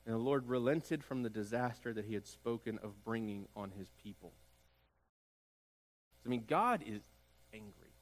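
A man's voice: medium pitch, a bit bright. A man preaching a sermon as pastor, building emphasis through repeated phrases. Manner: preaching with rising emphatic repetition. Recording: long hall reverb.

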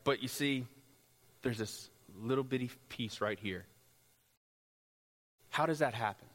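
A man preaching a sermon as pastor, rising into loud, impassioned passages. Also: unhurried. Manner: builds to loud, high-pitched pleading passages. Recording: long hall reverb.

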